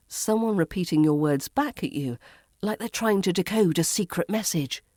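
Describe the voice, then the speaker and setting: Brief: British RP woman, accent coach, low voice, very lively intonation, dry close sound. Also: dry recording. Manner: clear, demonstrative, models intonation examples. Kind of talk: podcast pronunciation lesson.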